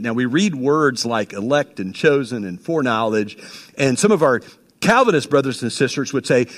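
A man preaching a sermon as pastor, emphatic and repetitive, swinging between loud punches and quiet low asides. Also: animated, normal speed. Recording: long reverb of a hall.

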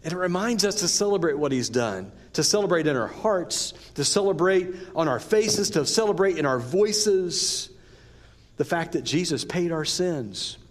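A man preaching a sermon, reading scripture and adding casual, animated asides to the congregation. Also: on the high side, normal speed. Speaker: pastor.

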